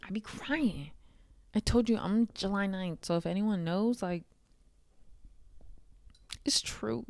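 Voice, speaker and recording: A woman's voice: sits low, a little mellow, clean tone, dry recording. Chatty, candid woman vlogger. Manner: chatty, candid, swears, laughs often, frequent "like" fillers. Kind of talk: casual talking-head vlog.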